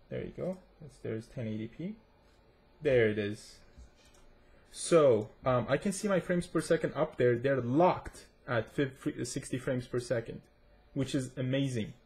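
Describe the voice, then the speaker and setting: A man's voice: mid-range voice, darkish tone. A man with a self-described accent giving chatty, rambling commentary to his viewers while he plays and tests a game. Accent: non-native accent, self-described. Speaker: gaming tech reviewer. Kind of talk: casual gameplay commentary.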